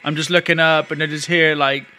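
Bright-voiced man retelling an ordeal. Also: a little high, flat delivery, brisk, slight background noise. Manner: rambling, emotional retelling with restarts. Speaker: vlogger. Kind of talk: casual storytelling to camera.

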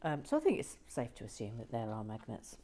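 A woman hosting a relaxed building vlog from her shed, reading comments with dry teasing humor and soft whispered asides. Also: extremely low pitch, fairly quick, a little hiss or hum. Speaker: vlog host. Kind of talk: casual chat while building and reading comments.

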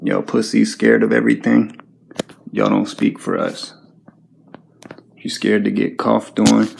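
A man delivers a slow, drawn-out rant in a heavily gravelly, fry-laden voice. His talk is profane and confrontational, circling back to the same lines again and again. His voice sits a little low. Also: flat delivery, darkish tone, a little hiss or hum. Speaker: vlogger. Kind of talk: angry ranting monologue to camera.

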